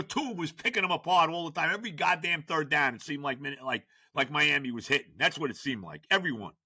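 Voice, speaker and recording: An older man hosting a sports podcast, ranting in exasperation with stammered restarts, jumping from shouts to low grumbles. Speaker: podcast host. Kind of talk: sports rant.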